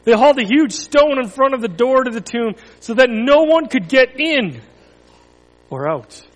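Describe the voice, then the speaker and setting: A man with a high-pitched voice speaks as a pastor in a church. He tells a story with dramatic pauses and sudden quiet moments, and his words ring out with a long reverb around the hall. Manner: expressive storytelling, dramatic pauses, drops to near whisper. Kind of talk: children's story reading then church announcements.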